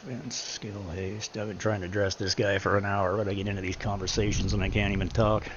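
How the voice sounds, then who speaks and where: A man's voice: lowish voice, little pitch movement, a little fast. A man streaming a game, talking candidly and emotionally about his life and swearing freely. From Canada. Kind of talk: casual chat. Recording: lo-fi stream audio with faint noise.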